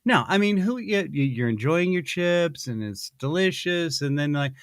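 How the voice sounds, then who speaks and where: A man's voice: a little high, expressive, normal speed, hardly any pauses, clear, resonant tone, no echo. A male podcast host reading a sponsor spot in casual chat, rambling and playful with many restarts. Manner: rambling, self-interrupting, playful.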